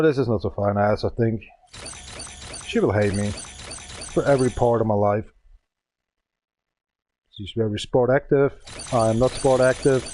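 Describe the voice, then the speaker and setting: Man in his thirties, mid-pitched, grumbles through casual gameplay chat in broken English, faint hiss behind. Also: darkish tone. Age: 30s. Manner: speaking with a cigarette in his mouth. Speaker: gaming channel host. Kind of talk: rambling casual gameplay commentary.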